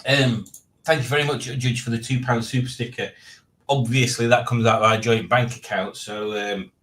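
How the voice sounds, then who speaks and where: A man's voice: medium pitch, fairly even intonation, moderate pace, fairly bright tone. A man in his late forties hosting a casual live stream, rambling and reading out chat with self-mocking asides. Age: 40s.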